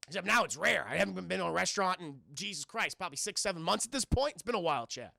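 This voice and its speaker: Talking very fast in a high, gravelly, sharp, animated voice, a young New Yorker streams live and fields viewer questions. He rambles, swears, and keeps speaking to his chat, and the studio-quality audio has no echo.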